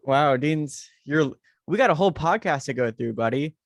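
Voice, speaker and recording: A man's voice: fairly high pitch, animated, moderate pace, no room sound, studio quality. A young American man hosting a podcast in a playful, teasing chat. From United States. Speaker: podcast host. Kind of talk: casual chat.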